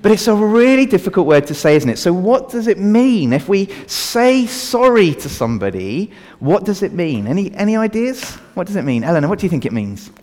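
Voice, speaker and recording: A man's voice: high voice, a little fast, hardly any pauses. A man preaching an all-age sermon, asking the congregation questions and leading a prayer. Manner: animated, asks the congregation questions. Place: church hall. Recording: reverberant church hall.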